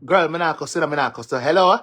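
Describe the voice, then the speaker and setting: A man with a Jamaican accent and a slightly high, fast, a bit bright, husky voice rants on a live stream as a social media commentator. His monologue is mocking and full of cursing, with taunts and repetition throughout.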